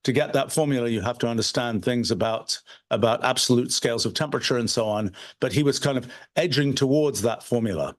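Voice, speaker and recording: A man giving an unscripted livestream lecture, thinking aloud with frequent restarts and fillers. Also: medium pitch. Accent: British. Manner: halting, many restarts and fillers. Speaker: presenter of a livestreamed talk.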